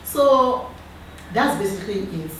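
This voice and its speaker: A woman in her thirties with a Nigerian accent, chatting earnestly as a guest and giving advice in a lively, storytelling way. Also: medium pitch, unhurried. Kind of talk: casual chat. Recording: roomy echo, far from the mic, background noise.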